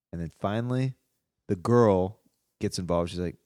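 A young man co-hosting a podcast, telling a story in a casual, animated, worked-up way. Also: low voice, normal speed, dry recording, clean studio sound. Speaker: podcast co-host.

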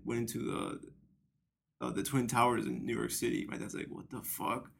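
A man's voice: medium pitch, little pitch movement, fairly quick, gravelly, a bit bright, breathy edge. A young man co-hosting a podcast, telling stories bluntly with plenty of swearing, "dude" and "bro". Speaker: podcast co-host. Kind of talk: casual storytelling chat.

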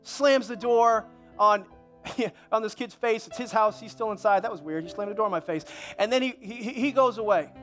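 A man's voice: sits high, moderate pace, a bit bright, soft background music. A male pastor preaching a sermon at a church service, conversational, with repeated words and restarts.

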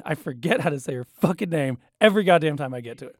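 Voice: mid-range voice, lively intonation, quick pace, hardly any pauses, no room sound, studio quality. A voice actor recording lines for an audio drama, often stammering, restarting and laughing between takes.

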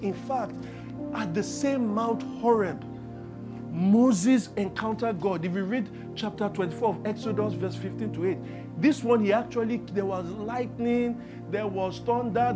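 A man preaches with a high voice for a man, dropping to a near hush and then building to loud declarations. He keeps throwing questions to the congregation for them to finish his lines. Music plays clearly behind him. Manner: call-and-response questions, swings from hushed to loud. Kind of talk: sermon.

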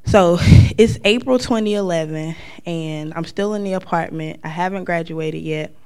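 A woman from North Carolina, sharing a personal testimony as a lively storyteller who acts out the lines of the people in her story. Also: fairly low pitch, moderate pace, smooth.

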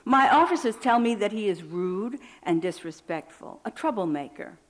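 A woman's voice: mid-range voice, animated, normal speed, lightly acted. Condescending prison captain, read by a woman. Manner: condescending, forbearing. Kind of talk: reading a personal essay aloud.

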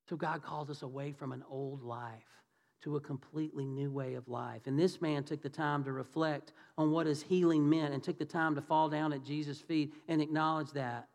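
A man's voice: a little high, steady tone, moderate pace, a little mellow. A man preaching a conversational sermon in church, asking the congregation questions and acting out the voices of the people in his story. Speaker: pastor. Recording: reverberant church hall.

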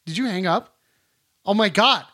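A man's voice: high voice, bright, forceful tone. A man hosting a call-in stream, chatting loosely with callers, swearing and laughing easily. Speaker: call-in show host. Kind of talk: casual call-in chat. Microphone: streaming mic setup.

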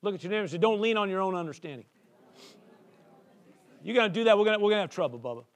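A man's voice: high voice, lively intonation, racing. A man preaching a sermon, reading scripture with chatty asides and calls for the congregation to respond. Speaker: pastor.

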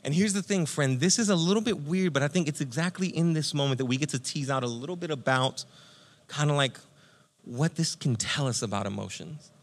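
Energetic man preaching a casual sermon. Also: a little high, brisk. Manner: conversational, energetic, addresses listeners as friend. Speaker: pastor.

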